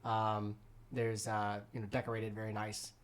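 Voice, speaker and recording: A man's voice: on the low side, completely flat delivery, normal speed. A man running a tabletop game as game master, describing scenes in a loose, hesitant way full of ums and likes.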